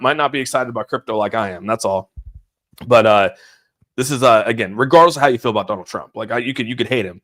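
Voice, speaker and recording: A man hosting a casual crypto livestream, rambling excitedly about the markets, often saying "dude" and greeting viewers from the chat. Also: medium pitch. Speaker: crypto channel host.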